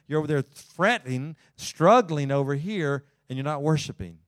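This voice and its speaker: A man preaching a sermon in church, folksy, climbing loud and then slowing down low to read scripture. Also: dry recording, studio quality. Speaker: pastor.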